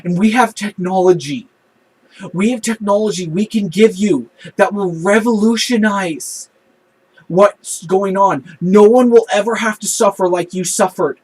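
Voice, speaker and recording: A man with a husky voice acting out an impassioned woman starship engineer making an urgent, earnest appeal. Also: high voice, measured pace, a little mellow, voice pushed up, poor audio. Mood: pleading, urgent.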